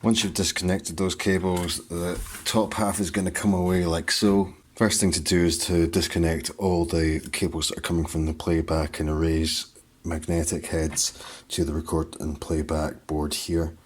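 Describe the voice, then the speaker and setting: A man's voice: sits low, flat delivery, moderate pace, husky. A man hosting a hands-on repair tutorial, talking in clipped, terse step-by-step phrases. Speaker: host of a repair tutorial channel.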